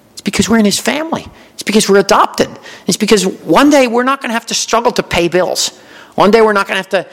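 A man preaching a sermon in a church, lively and conversational, laughing now and then and repeating himself as he builds a point. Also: fairly high pitch. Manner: lively preaching with chuckles and repetitions. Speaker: pastor. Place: church sanctuary.

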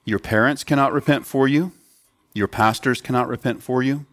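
A man preaches to a congregation of children and adults, teaching earnestly and pausing to question the young listeners. His voice sits at a middle pitch for a man. It is recorded close and dry, with little room sound. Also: no room sound. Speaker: pastor.

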